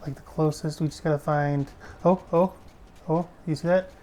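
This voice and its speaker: A man giving casual gameplay commentary as a streamer. He chats freely, swears often and breaks into sudden loud exclamations. He talks while sitting in a desk chair at home. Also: a little high, steady tone, normal speed. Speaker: gaming streamer.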